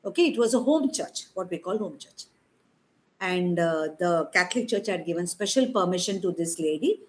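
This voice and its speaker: A woman's voice: lowish voice, lively intonation, normal speed, a little mellow, slight background noise, low-quality recording. A woman, giving an informal sermon in a conversational, emphatic way with many rhetorical questions. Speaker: preacher.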